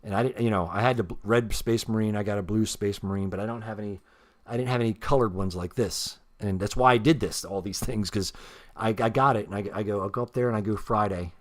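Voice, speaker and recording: A man with a lowish voice tells his story in a loose, casual ramble, swearing freely and poking fun at himself. He talks while showing off a figure he painted himself. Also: steady tone, fast. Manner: rambling, heavy swearing, self-deprecating. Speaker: custom action figure painter.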